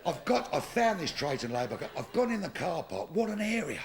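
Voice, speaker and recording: A man's voice: a little high, very animated, brisk. A middle-aged man doing a crude, punchy live stand-up comedy routine with plenty of swearing. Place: stage before a live audience. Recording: live show with crowd laughter.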